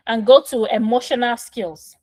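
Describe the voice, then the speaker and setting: A woman's voice: a little high, steady tone, normal speed, a little mellow, dry recording, rough recording. Woman coaching parents step by step. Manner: patient, step-by-step explaining with frequent "right?". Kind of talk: casual instructional talk. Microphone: phone.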